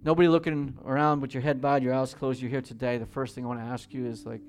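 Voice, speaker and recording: A man preaching a sermon as pastor in a church, swinging between loud pleading and hushed prayer. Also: mid-range voice, little pitch movement, fast, soft background music.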